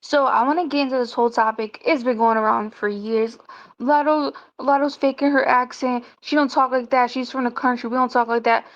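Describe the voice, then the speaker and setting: Woman vlogger, a bit high and gravelly, ranting commentary, muffled recording. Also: fairly even intonation, a little fast. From South Carolina, US. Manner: opinionated, ranting. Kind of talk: casual commentary. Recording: dull lo-fi recording.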